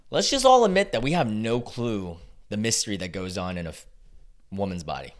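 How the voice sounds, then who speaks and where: A man's voice: lowish voice, very animated, fairly quick. A man hosts a casual reaction video, reading online posts aloud and mocking them. He talks sarcastically, breaks into laughter often and swears freely. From United States.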